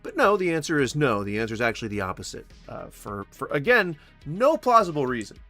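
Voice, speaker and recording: Snarky guy ranting over clips, mocking and swearing, bouncy pitch, bit of music under it. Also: very animated, brisk, a bit bright. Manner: mocking, mimics others in taunting voices, swears. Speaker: commentator reacting to clips. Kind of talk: sarcastic reaction commentary.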